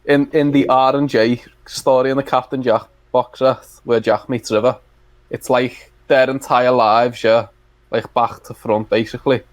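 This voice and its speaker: A man's voice: medium pitch, fairly even intonation, normal speed, dry recording. A man co-hosting a casual fan podcast, rambling through anecdotes with plenty of fillers. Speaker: podcast co-host.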